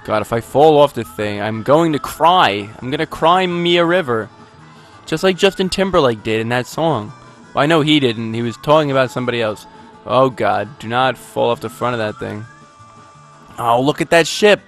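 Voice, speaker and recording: Soft music plays beneath a man's let's play narration, delivered at normal speed in a slightly bright, medium-pitched voice. He's goofy and rambling, pokes fun at himself and erupts suddenly now and then.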